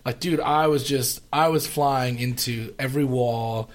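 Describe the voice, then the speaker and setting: A male radio show host in casual, jokey banter, excitable and full of filler words. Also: mid-range voice, measured pace.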